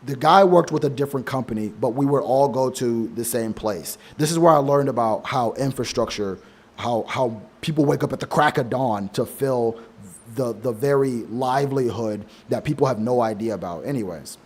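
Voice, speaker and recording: A young adult man, a men's advice vlogger, delivers a casual monologue of blunt, profane advice in a medium-pitched voice at normal speed. He rambles through anecdotes and restarts himself many times.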